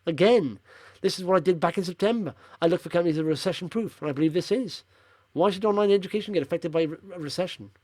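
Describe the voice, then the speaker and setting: A man's voice: sits high, fast talker, a little mellow, no room sound. A man hosting a casual stock-picking video, talking over charts in a chatty, rambling way with blunt opinions, tired after a long drive.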